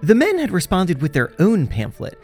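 Male podcast host; wry, animated scripted narration with light music under it. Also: high voice, normal speed. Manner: wry, jokey, animated storytelling.

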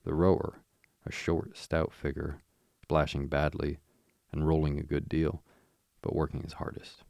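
A man narrating a storybook in a steady, unhurried way, with a gravelly voice. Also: a bass voice, no echo, clean studio sound. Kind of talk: audiobook narration.

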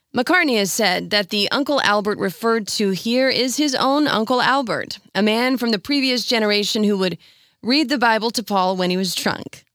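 A woman hosting a radio music feature, reading scripted narration in a measured, explanatory storytelling manner. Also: medium pitch, fairly bright tone, dry recording, clean studio sound. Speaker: radio host.

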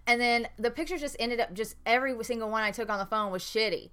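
Young woman podcast co-host, bright crisp voice, profane, giggly storyteller. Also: fairly high pitch, fast. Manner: swears freely, laughs often, animated storytelling. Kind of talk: casual chat.

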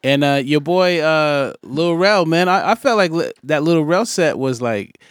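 A man's voice: on the high side, animated, unhurried, smooth, no echo, clean studio sound. A man co-hosting a podcast, casual and laid-back, teasing his co-host and often answering with short replies.

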